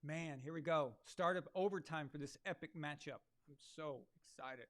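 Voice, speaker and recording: A man's voice: a little high, moderate pace, a bit bright. A man hosting a live sports watch-along, talking casually with crude, sarcastic asides. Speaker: live sports show host.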